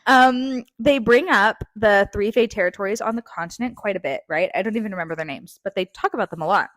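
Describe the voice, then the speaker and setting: A woman's voice: medium pitch, fairly bright tone, dry recording. Eager young woman, close dry mic. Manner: enthusiastic, quick to react. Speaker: podcast co-host. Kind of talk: casual book discussion chat. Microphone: close microphone.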